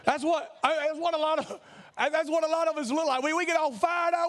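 A pastor preaching a sermon in an animated way, acting out comic scenes with shouts. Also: male voice, very high voice, fairly quick.

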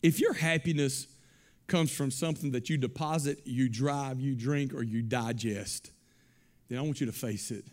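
A man's voice: medium pitch, moderate pace. A male pastor delivering a sermon in an emphatic, building style. He repeats phrases and restarts lines as he drives each point home. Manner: emphatic, rising to loud exclamations.

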